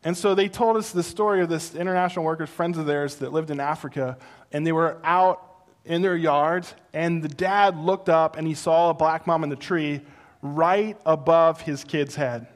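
A middle-aged man preaching a sermon, telling stories with animated, loud peaks and teaching in a slow, soft, earnest way. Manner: animated storytelling that builds to loud, high exclamations. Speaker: pastor.

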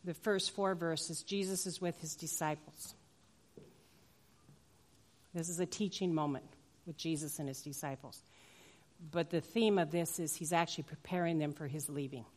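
A woman's voice: low-pitched, steady tone, moderate pace, pauses often, a little mellow. A woman pastor preaching a sermon in a church, emphatic and playful, turning to the congregation with asides. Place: church sanctuary.

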